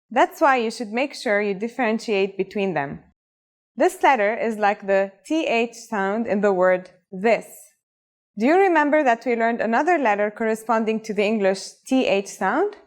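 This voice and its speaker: Upbeat and encouraging, a woman teaching languages leads the viewer through a scripted lesson one step at a time, her voice sitting a little above average pitch.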